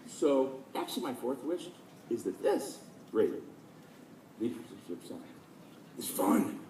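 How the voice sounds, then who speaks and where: A man in his late fifties giving a storytelling speech at a dedication, lively and self-deprecating, acting out the people he quotes. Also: mid-range voice, normal speed, a little hiss or hum. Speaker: speaker at a dedication. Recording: roomy, distant mic, faint ambience.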